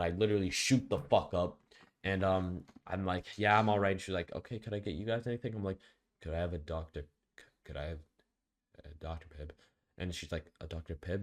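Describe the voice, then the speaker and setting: Young male vlogger, low voice, slangy profane storyteller with loud outbursts. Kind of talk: casual storytime monologue.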